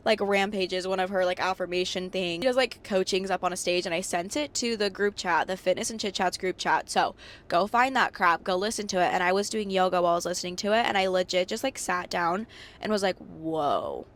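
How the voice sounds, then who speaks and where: A young adult woman hosting her own podcast in a bubbly, slangy, rambling chat. Her voice is a little hoarse and cracks from a cold. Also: steady tone, fairly quick, fairly bright tone. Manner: bubbly, slangy and rambling, swinging pitch up and down for emphasis. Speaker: podcast host. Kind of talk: casual solo podcast chat.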